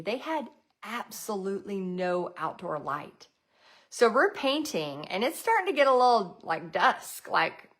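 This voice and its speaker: A woman's voice: medium pitch, fairly bright tone. Chatty woman coaching live. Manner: chatty storyteller, quotes people in acted voices. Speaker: paint party business coach. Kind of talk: live-streamed teaching with personal stories.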